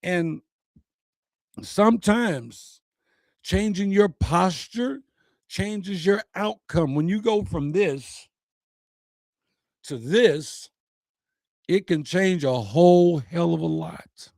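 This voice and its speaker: Slow, earnest man giving an uplifting message. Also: high voice, gravelly, a little mellow, dry recording. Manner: earnest, preacher-like, with repeated phrases. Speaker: host of an uplifting message show. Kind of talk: personal motivational message.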